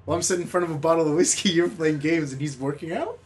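A man's voice: on the high side, very fast. A man co-hosting a casual podcast chat, joking and laughing often. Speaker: podcast co-host.

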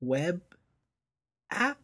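A man's voice: sits high, very animated, very slow, pushed and bright, slightly rough. A man co-hosting a casual pop-culture podcast, upbeat and leading the topics. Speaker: podcast co-host. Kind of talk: casual chat.

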